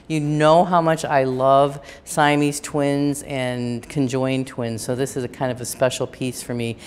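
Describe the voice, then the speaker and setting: A woman's voice: sits low, smooth. A woman guiding viewers through an art exhibition, chatty and enthusiastic, with frequent ums and restarts. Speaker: gallery curator giving a tour. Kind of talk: unscripted gallery tour walkthrough.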